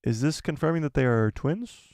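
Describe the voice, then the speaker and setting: A man's voice: fairly high pitch, expressive, moderate pace, a little mellow, dry recording, clean studio sound. A young man hosting a casual live stream from a small home room, chatty and laughing often as he thanks donors.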